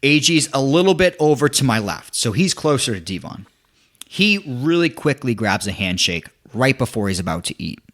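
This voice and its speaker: A young man telling a story in casual podcast chat, animated, acting out quotes with many restarts. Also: medium pitch, moderate pace.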